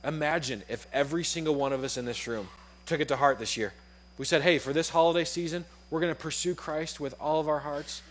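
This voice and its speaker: A young adult man preaching a sermon in a casual, animated way, acting out the voices in his story. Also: fairly high pitch, brisk.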